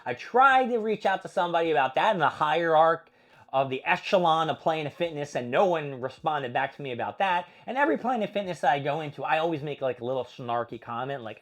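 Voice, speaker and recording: A man's voice: a little high, animated, fast talker, fairly bright tone. A young man hosting his own vlog, ranting in a profane, exasperated, casual monologue. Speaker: vlog host.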